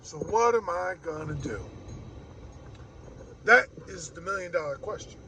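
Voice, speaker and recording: A man's voice: high-pitched, lively intonation, a little slow, pushed and bright, a little hiss or hum, poor audio. A man ranting casually to camera in a rambling, wry way, mimicking other people as he goes. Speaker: vlogger.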